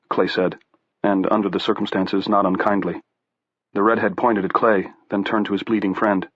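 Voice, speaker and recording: Low-voiced male audiobook narrator, dry and dull. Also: flat delivery, moderate pace, fairly bright tone, dry recording. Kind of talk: scripted narration.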